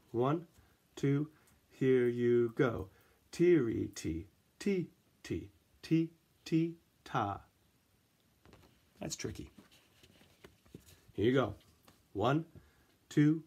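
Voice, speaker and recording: A man teaching a music lesson to children, counting in and chanting rhythm syllables with gentle encouragement. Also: mid-range voice, breathy edge.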